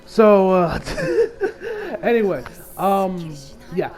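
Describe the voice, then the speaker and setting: A man's voice: sits high, huge pitch swings, drawn-out words, a little mellow, faint music behind, poor audio. A man casually reviewing an anime episode, rambling with many restarts and frequent laughs.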